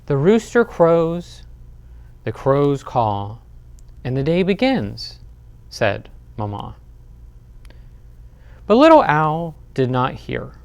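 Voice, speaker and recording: A man reading picture books aloud as a librarian at a bedtime storytime, expressive with dramatic pauses. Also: a little high, gravelly, clear, resonant tone, dry recording. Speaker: children's librarian.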